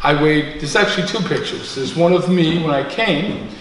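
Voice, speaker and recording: A man in his sixties tells self-deprecating personal stories to a live group, animated and laughing often. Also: fairly high pitch, normal speed. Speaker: storyteller guest. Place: community center room. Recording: echoey room, mic far off, faint noise.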